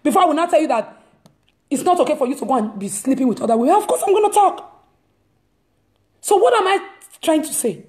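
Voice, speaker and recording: Host, woman, fairly high and mellow voice, emphatic exhortation with repeated phrases. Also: very animated, quick pace. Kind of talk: impassioned preaching monologue.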